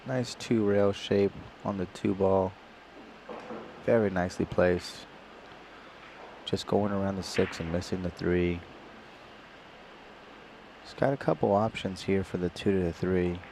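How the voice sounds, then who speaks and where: A man from Singapore giving live pool commentary in a relaxed, chatty way, explaining each shot in detail. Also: low voice, measured pace, gravelly, long pauses, slight background noise.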